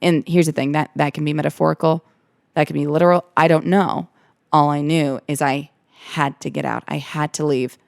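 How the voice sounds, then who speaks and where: Low gravelly-voiced woman podcaster. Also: fairly even intonation, moderate pace, no echo, clean studio sound. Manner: earnest, candid, repeats herself for emphasis. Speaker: podcast host. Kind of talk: personal storytelling podcast.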